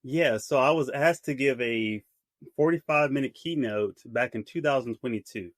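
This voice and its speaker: A man's voice: mid-range voice, normal speed, dry recording, studio quality. A middle-aged man, an author and speaker, giving practical advice in a casual interview.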